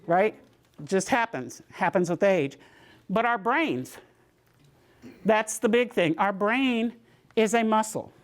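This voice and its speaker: A woman gives a community health talk. She tells her own stories in a lively way and acts out the voices of the people in them. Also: mid-range voice, unhurried, long pauses. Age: 60s. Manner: lively storytelling, acting out voices in quotes. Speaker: presenter.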